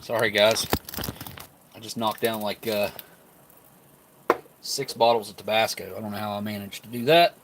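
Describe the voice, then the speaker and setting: A man's voice: fairly low pitch, steady tone, normal speed, long pauses, a bit bright, a little hiss or hum. A man hosting a casual live-stream food review, rambling and laughing often while he talks with his mouth full.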